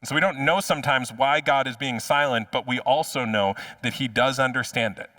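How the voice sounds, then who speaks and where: A man's voice: mid-range voice, fairly quick, sharp tone, no room sound, recorded from a distance. A man preaching a sermon as pastor in a conversational way, often repeating words as he restarts a phrase. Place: church.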